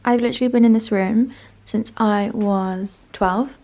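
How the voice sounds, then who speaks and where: A young woman in her twenties chatting casually to camera in a vlog, excitable and full of fillers. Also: on the high side, measured pace. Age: 20s. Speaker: vlogger. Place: indoors, mostly empty new flat. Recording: echoey room, faint background noise.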